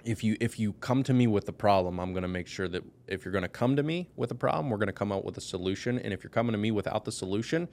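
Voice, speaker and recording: A man's voice: lowish voice, fast, few pauses, darkish tone. A man speaking as a podcast guest, telling a personal story with intense, blunt emotion. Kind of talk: candid personal conversation.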